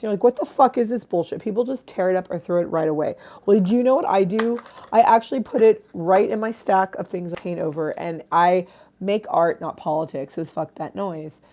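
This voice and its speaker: Gravelly, irreverent woman streaming live. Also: on the low side, a little mellow. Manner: irreverent, swears freely, laughs at herself; eats and drinks while talking. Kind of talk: casual live-stream chat.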